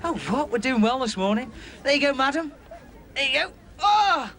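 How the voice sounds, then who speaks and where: A man presenting live from a beach, chatting excitably with children about their swaps. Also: extremely high pitch, brisk. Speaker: outside broadcast presenter. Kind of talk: lively live interviews on a beach. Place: outdoors on a crowded beach.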